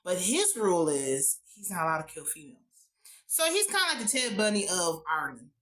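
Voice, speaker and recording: A woman recapping a TV episode in a casual vlog, animated, slangy and profane. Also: lowish voice, brisk. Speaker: TV show reviewer.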